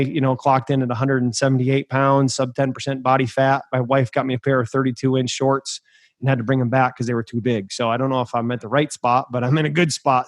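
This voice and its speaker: A man's voice: medium pitch, dry recording. Emphatic man telling a story. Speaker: podcast host. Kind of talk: casual podcast storytelling.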